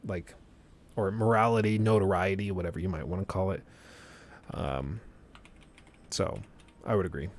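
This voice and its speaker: A man's voice: sits low, fairly even intonation, moderate pace, pauses often, slight background noise. A young man streaming and chatting casually, thinking aloud with plenty of fillers and restarts. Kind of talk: casual livestream chat.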